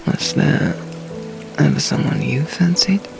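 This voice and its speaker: Gravelly hushed young knight, voiced by a man. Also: fairly high pitch, sing-song, full character voice, poor audio. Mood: hushed teasing. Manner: hushed, unhurried and teasing. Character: teasing young male knight, low and gravelly. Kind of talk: audiobook character reading. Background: music.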